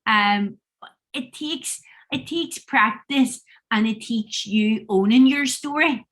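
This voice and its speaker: A woman's voice: fairly high pitch, slow pace, a bit bright. A woman facilitating an online workshop over a video call, earnest and encouraging and speaking from the heart.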